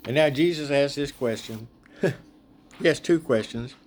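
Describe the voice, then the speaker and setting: A man leading a casual group Bible study, chatty and animated, laughing often as he retells the story. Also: mid-range voice, measured pace.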